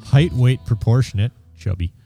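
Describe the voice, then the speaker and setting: A man's voice: mid-range voice, normal speed, vocal fry, over music. A man hosting a podcast, reading personal ads aloud in a wry, crude way and laughing along. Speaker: podcast host.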